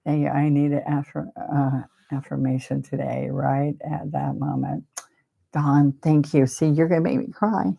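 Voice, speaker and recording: A woman's voice: low voice, expressive, normal speed, gravelly, warm tone, breathy edge. A woman teaching a live painting demonstration, chatty and rambling, openly emotional and talking about faith. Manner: speaks of faith and blessings.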